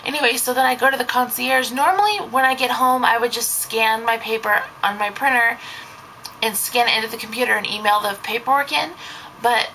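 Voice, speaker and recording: A woman's voice: on the high side, fairly quick, pushed and bright, slight background noise, low-quality recording. A young woman, a babysitter, telling a story in a casual vlog, rambling and saying "like" constantly. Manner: rambling, heavy use of "like".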